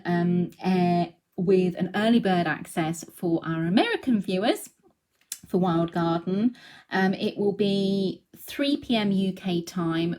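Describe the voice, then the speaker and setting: A woman's voice: on the low side, darkish tone. Chatty woman demonstrating card-making. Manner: chatty, breaks off to coo at her cat. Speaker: craft demonstrator. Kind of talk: live craft demonstration.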